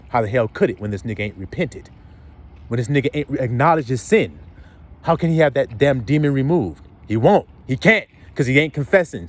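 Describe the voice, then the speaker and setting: A man delivers a blunt, profane sermon, firing question after question at his listeners. His pitch leaps high and drops low as he builds each point. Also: darkish tone. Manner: blunt, profane street preaching with rhetorical questions. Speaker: preacher.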